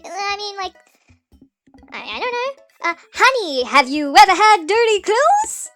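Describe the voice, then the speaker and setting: A woman's voice: very high voice, fairly bright tone, exaggerated voice. A woman reading a game's widowed middle-aged dad who cracks corny jokes and slips into a hammy announcer voice.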